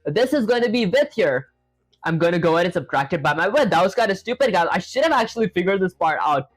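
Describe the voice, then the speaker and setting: A chatty streamer talks through code on a casual livestream. The speech is full of "like" and easy self-mockery, pitched right in the middle of the range. Soft music plays faintly underneath. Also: sing-song, quick pace. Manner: chatty, filler-heavy, self-deprecating, addresses chat as "guys". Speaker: live-streaming programmer.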